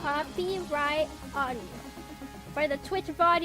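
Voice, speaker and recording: A young woman chatting casually on a live stream as a VTuber, reading her chat aloud, giggling often and getting loud when excited, with casual swearing. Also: high-pitched, normal speed, over music. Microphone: headset mic with headphones.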